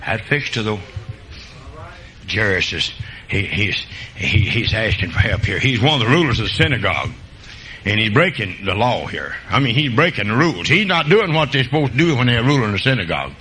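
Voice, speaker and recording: Folksy preacher man, lively swings. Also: lowish voice, fairly quick, a little hiss or hum, rough recording. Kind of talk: sermon.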